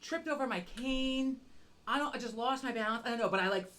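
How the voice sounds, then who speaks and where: A woman's voice: on the high side, brisk, a bit bright. A middle-aged woman on a podcast, telling a rambling, self-mocking story with constant swearing. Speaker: podcast co-host. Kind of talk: casual chat.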